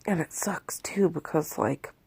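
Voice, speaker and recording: A woman's voice: sits low, a little slow, a little mellow, husky, no room sound, in a whisper. A woman in her thirties talking from bed into a phone in a rambling, candid confessional vlog, shaky and worn out after a panic attack. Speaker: vlogger. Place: in bed in a bedroom at home.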